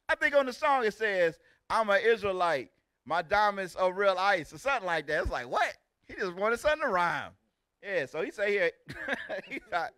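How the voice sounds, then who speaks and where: A man in his forties, a religious teacher giving loud, exclamatory preaching commentary in casual street talk. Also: high voice, no room sound. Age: 40s. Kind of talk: animated preaching commentary on videos.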